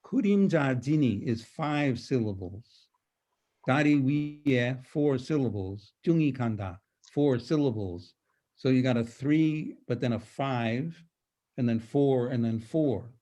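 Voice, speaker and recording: An older man giving a poetry lecture over a video call, reading verses slowly and dramatically before explaining them. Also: mid-range voice, lively intonation, mellow.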